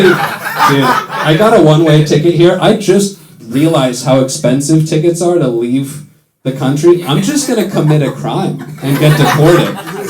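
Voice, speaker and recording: An American man doing stand-up in a London comedy club, telling sarcastic jokes in a dry, deadpan way and slipping into quick put-on voices. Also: on the high side, heavy background noise. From United States. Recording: roomy club sound with loud audience laughter.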